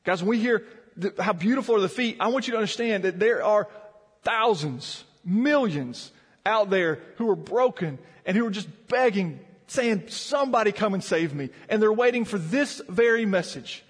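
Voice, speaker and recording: A man's voice: sits high, animated, normal speed, breathy edge, in a large hall. A man preaching a sermon as pastor, earnest and often repeating words as he builds emphasis. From Virginia mountains.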